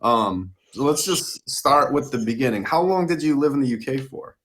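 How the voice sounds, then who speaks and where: A man's voice: mid-range voice, animated, normal speed, fairly bright tone. A man hosting a live-stream interview show, talking in an enthusiastic, chatty way and laughing easily. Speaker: host.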